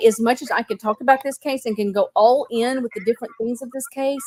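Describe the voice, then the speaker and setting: A woman's voice: a little high, steady tone, fast talker, darkish tone, a little hiss or hum. A woman hosting a casual gossip chat, blunt and fed up, swearing freely. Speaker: host.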